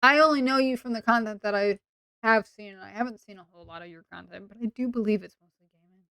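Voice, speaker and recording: A woman's voice: mid-range voice, pushed and bright, smooth, dry recording, clean studio sound. A woman with an English accent, chatting sarcastically and playfully on a role-play stream. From England. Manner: sarcastic and playful, quick asides.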